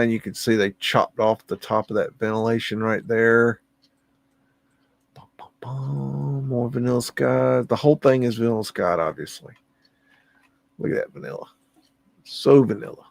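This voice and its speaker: Man, livestream host, casual musing commentary, gravelly voice, mid pitch. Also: normal speed, no room sound. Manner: musing, humming to himself, easily amazed.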